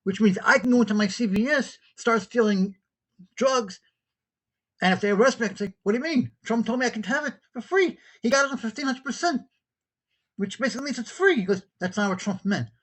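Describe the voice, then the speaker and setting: A man from New York with a New York accent, hosting an opinionated podcast monologue, animated and incredulous as he acts out both sides of an argument. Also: very high-pitched, fairly quick. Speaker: podcast host. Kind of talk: opinionated monologue, retelling a call-in exchange.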